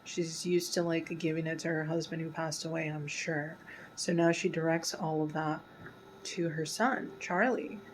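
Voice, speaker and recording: A woman hosting a casual reaction video, talking through an episode with many fillers and slipping into a soft whisper at sad parts. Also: low-pitched, fairly even intonation, normal speed, a little hiss or hum, poor audio. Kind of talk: casual pause-and-talk commentary.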